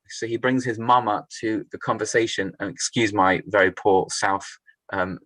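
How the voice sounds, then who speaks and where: A man's voice: fairly low pitch, moderate pace, fairly bright tone, dry recording, poor audio. A man leading a Torah study class, thinking aloud, restarting phrases and putting questions to the group.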